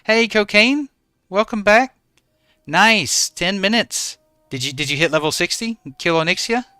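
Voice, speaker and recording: A man's voice: high voice, lively intonation, unhurried, sharp tone, smooth, dry recording, studio quality, faint music behind. A man streaming a game from home in regional Australia, easygoing as he greets and thanks viewers by name. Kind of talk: live stream chat with viewers.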